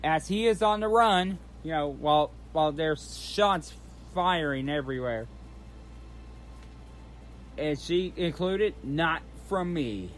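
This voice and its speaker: High-voiced man rambling slowly. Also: a little hiss or hum. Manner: rambling, restarts, repeats "of course" often. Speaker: channel host recapping a trailer. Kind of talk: casual unscripted recap.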